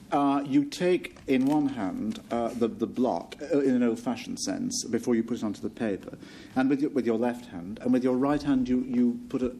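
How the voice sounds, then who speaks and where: Mellow, rambling male panelist, circling through his bluff. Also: medium pitch, slight background noise. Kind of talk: bluffing a definition on a panel game.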